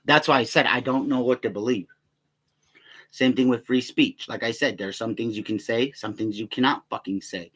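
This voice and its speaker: A man's voice: mid-range voice, a bit bright. A young man ranting casually to his viewers, rambling and swearing heavily, and mimicking other people in raised voices as he tells stories. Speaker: vlogger. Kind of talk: casual rant to camera.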